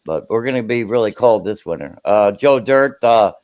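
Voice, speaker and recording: A man's voice: on the low side, animated, normal speed, darkish tone, no room sound. A man chatting casually, rambling with lots of hesitations. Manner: rambling with many ums. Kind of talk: casual chat.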